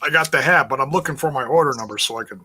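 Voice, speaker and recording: Bright-voiced joking man. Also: medium pitch, rapid-fire, slight background noise. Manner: joking, hesitant restarts. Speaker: podcast co-host. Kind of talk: casual wrestling review chat.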